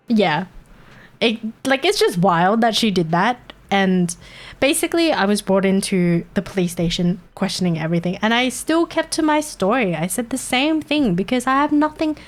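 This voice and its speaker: A woman's voice: medium pitch, sing-song, measured pace. A woman streamer telling a personal story in casual chat, candid and swearing freely, with chuckles between points. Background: faint background music.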